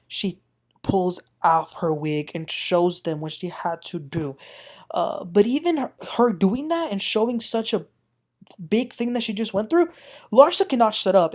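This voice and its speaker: A woman hosting a casual recap of a reality TV episode, opinionated, expressive and gossipy. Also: mid-range voice.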